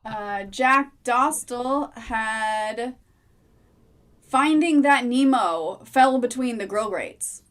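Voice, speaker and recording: A woman's voice: a little high, extremely slow. A woman co-hosting a casual group video chat, calling on people and reading out entries. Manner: reads out audience entries, calls on people.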